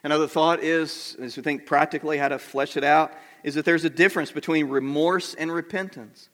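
A middle-aged male pastor preaching with a bright, forceful voice that sits slightly high for a man. He talks to the congregation conversationally and asks them questions. The long reverb of a large hall surrounds him. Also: fairly even intonation, fairly quick. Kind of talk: sermon.

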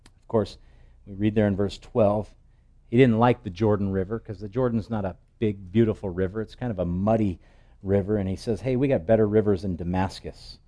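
A male pastor preaching an expository sermon, telling the scripture story in a lively way and acting out its voices. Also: fairly low pitch, moderate pace.

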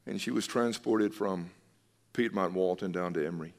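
A pastor with a low voice preaches a sermon at normal speed, earnest and emphatic, repeating phrases to drive each point home. A long reverb carries his voice as though it fills a church hall.

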